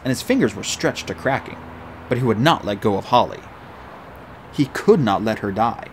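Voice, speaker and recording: A man reading a novel aloud as an audiobook narrator, with an animated, expressive delivery. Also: medium pitch, a little hiss or hum.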